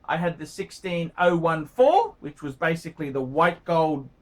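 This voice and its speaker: A man's voice: fairly high pitch, expressive, moderate pace. Blunt, profane man reviewing watches. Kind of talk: casual review monologue.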